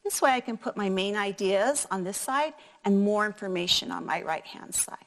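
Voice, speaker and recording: A woman's voice: medium pitch, animated, moderate pace. A woman teacher walking students through a simple classroom task, step by step. Her tone is friendly and she demonstrates as she explains.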